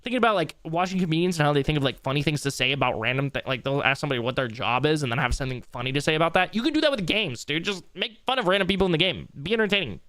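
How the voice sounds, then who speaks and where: A man's voice: on the high side, expressive, racing, hardly any pauses, a bit bright, dry recording. A young man streaming late into a long session, rambling casually in a loose, tired way and swearing now and then. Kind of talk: casual live-stream commentary.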